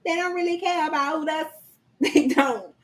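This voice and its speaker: Woman, livestream host, high voice, casual slangy chat, reads comments aloud, laughs often. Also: unhurried, rough recording. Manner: chatty, quizzes viewers and reads their chat aloud; laughs often, slangy, addresses audience as y'all. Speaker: livestream host coaching on government contracts.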